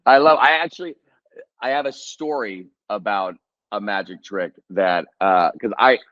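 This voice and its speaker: Man, 30s, low voice, hesitant casual storyteller, muffled lo-fi audio. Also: normal speed, a bit bright. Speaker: actor, guest. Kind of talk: casual chat.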